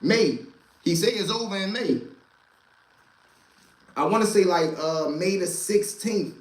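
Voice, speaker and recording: A man with a somewhat high voice tells wild stories from his past in loose, profane street slang, repeating lines for punch. The sound bounces around an echoey room. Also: animated, unhurried. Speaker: host telling street stories. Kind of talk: casual storytelling.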